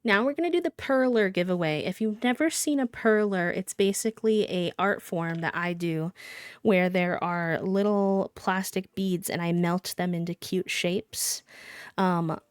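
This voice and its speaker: A woman's voice: on the low side, measured pace, clear, resonant tone, dry recording, studio quality. A woman live streamer chatting casually and playfully with her viewers, breaking into sing-song countdowns.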